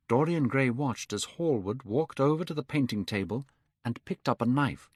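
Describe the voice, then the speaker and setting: A man narrating an audiobook for English learners, slow and clear. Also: mid-range voice, expressive, darkish tone, no room sound, clean studio sound.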